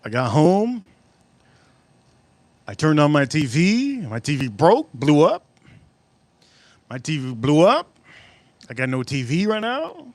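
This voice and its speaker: A man hosting a casual livestream, rambling and excitable, repeating himself as he chats. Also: fairly high pitch, slow pace, pauses often, no room sound. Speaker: livestream host.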